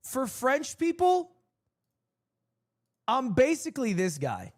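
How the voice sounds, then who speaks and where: A young man with a fairly high voice talks loosely to his stream audience. He rambles, pokes fun at himself and breaks into laughter often. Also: huge pitch swings, slow pace. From United States. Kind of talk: casual stream chat.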